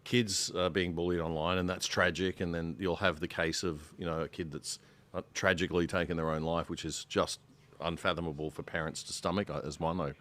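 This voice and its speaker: A man's voice: deep voice, level tone, a little fast, a bit bright. A man joining a podcast panel as a guest, speaking earnestly and passionately and building to indignation. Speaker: guest panelist, show host. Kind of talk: panel discussion.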